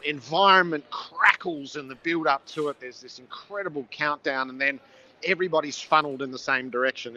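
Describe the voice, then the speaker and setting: Bright-voiced commentator on a dull line. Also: male voice, mid-range voice. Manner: vivid, descriptive storytelling. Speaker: NFL commentator calling the game. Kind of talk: on-location phone-in chat. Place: broadcast position in a stadium.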